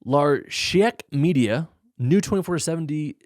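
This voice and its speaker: A man's voice: expressive, unhurried, darkish tone, dry recording, clean studio sound. A young man hosting a podcast, casually answering listener questions in a frank, laid-back way. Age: young adult. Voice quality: gravelly low voice. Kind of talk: casual Q&A chat.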